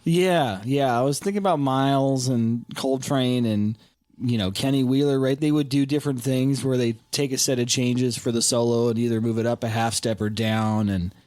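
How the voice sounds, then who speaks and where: A man speaks as a guest composer and bandleader, enthusiastic and quick to joke. His voice sits in a mid register. The sound is dry and close. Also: medium pitch, steady tone, a little mellow, no echo. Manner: enthusiastic, jokey, many fillers. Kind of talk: casual interview.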